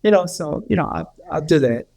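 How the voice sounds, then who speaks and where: Creaky rambling male guest. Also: on the high side, expressive, brisk, a little mellow. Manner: rambling, repeats words, many restarts. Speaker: healer, podcast guest. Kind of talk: casual storytelling.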